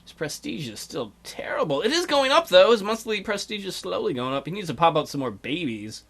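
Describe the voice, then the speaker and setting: A man's voice: high-pitched, big pitch swings, fairly quick, creaky, fairly bright tone. A man hosting a strategy game let's play with casual, crude, joking commentary.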